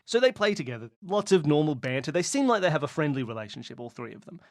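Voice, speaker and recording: Lively, animated male game master. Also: a little high, fast talker, dry recording, clean studio sound. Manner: lively, descriptive, playful. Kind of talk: narrating a mystery game.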